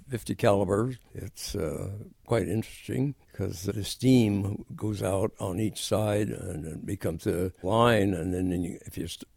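Older man with a gravelly, dark voice. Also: fairly low pitch, no echo, clean studio sound. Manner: unhurried, halting, many fillers and restarts. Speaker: Korean War veteran guest. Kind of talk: interview storytelling.

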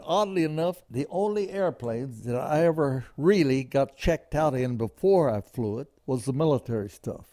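Mellow-voiced old pilot spinning yarns. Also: male voice, a little high, animated, moderate pace, dry recording. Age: older. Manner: folksy, vivid storytelling with sound effects. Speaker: veteran pilot. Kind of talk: storytelling interview.

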